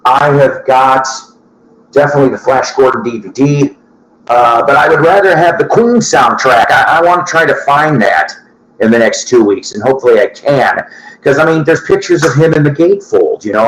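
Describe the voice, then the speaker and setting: Talking at normal speed in a mid-range, slightly bright voice, this record-collecting show host rambles casually to viewers. He swears and laughs at his own asides. There's an echo in the room and a little hiss or hum.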